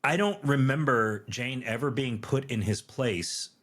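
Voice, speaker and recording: A man's voice: medium pitch, unhurried, fairly bright tone. A man co-hosting a podcast in casual, conversational talk that often ends in tag questions. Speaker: podcast co-host.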